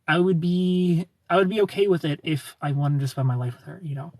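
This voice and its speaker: A man's voice: on the high side, steady tone, brisk, darkish tone, dry recording. A man hosting a livestream, chatting casually and giving frank relationship advice to viewers by name. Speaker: livestream host answering viewer comments.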